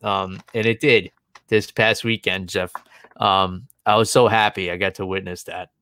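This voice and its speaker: A man's voice: deep voice, steady tone, normal speed, a bit bright, clean tone, dry recording, clean studio sound. Chuckling man telling a story. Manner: chuckling, filler-heavy storytelling. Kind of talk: casual anecdote telling.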